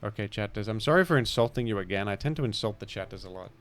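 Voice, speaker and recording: A man's voice: lowish voice, animated, quick pace. A man with a British accent commenting live on a game he is playing, rambling in a playful, mock-grandiose way. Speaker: streamer.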